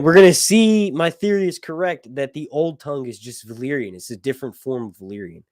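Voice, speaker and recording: Male livestream host, casual rambling reaction talk, middle pitch, dry close sound, cusses and laughs a lot. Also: brisk, no echo. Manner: rambling, excitable, swears freely, laughs often. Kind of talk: casual live reaction and analysis.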